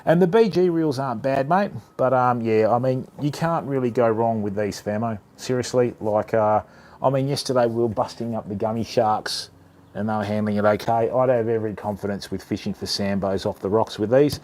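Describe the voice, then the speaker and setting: Hosting a casual fishing-channel livestream, a man talks a little fast in a medium-pitched, darkish voice. He's chatty and matey, addressing viewers as mate and fam.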